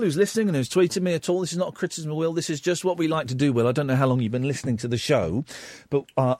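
A man hosts a late-night phone-in show, speaking openly and thinking aloud, his pitch swinging up and down in animated bursts. He sits close to a studio mic, and the sound is dry and fairly high for a man. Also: no echo. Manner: open, reflective, animated. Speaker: radio host. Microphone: studio microphone.

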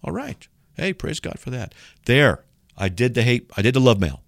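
A man's voice: mid-range voice, moderate pace, vocal fry, no echo, studio quality. A man hosting a call-in radio show, talking emphatically and acting out mock back-and-forth dialogues to make his point. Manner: animated, emphatic, argues by playing out mock dialogues. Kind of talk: call-in radio apologetics talk.

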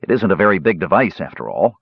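A young warrior who veers between panic and weary grumbling, voiced by a male storybook narrator. The voice sits well above the reader's own husky tone and leaps around as he complains. The recording is dry and a little muffled. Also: medium pitch, lively intonation, fast talker, no room sound, pitched above the performer's own voice, lightly acted. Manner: complaining, bitter, practical.

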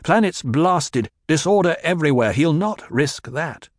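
A man's voice: on the high side, lively intonation, a little slow, dry recording, pitched above the performer's own voice. Proud young duke heir, icy and commanding, a man narrating does him, dry close sound.

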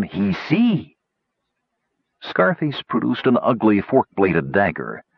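A man's voice: sits low, slightly rough, no room sound, dull audio. A man reading a fantasy novel aloud as narrator, with a dramatic, varied delivery. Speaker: audiobook narrator.

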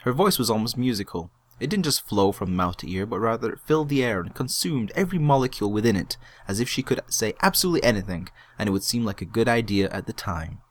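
A man narrating a comic fantasy story from a script. His voice sits low and steady, and his delivery is dry and wry. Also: quick pace, hardly any pauses.

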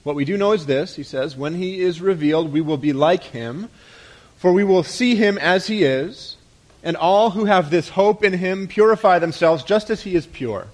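A pastor preaching a conversational sermon, asking rhetorical questions and letting his voice drop softly at the ends of phrases. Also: sits high, normal speed.

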